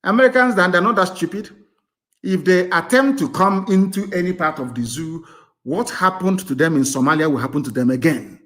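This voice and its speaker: A man with a Nigerian accent delivers a live radio broadcast speech in a somewhat high-pitched voice. He is fiery and scornful. He jumps from loud bursts to low, muttered asides. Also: normal speed. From southeastern Nigeria. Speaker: political activist broadcaster.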